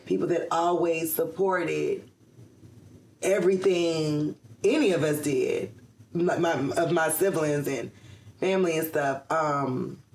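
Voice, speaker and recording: A woman's voice: low-pitched, fairly even intonation, takes it slowly, darkish tone, echoey room, a little hiss or hum. A middle-aged woman from the Atlanta area, chatting as a guest in an interview, with lots of ums and frequent laughs. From Atlanta area, USA. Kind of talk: casual interview chat.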